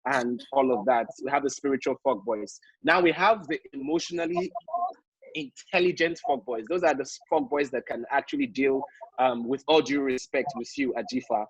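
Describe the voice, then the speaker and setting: Nigerian male host, playful and teasing, husky, dry close sound. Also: mid-range voice, lively intonation, normal speed, dry recording, lo-fi sound. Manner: playful, teasing, hesitant with fillers. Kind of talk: casual panel discussion. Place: online live show.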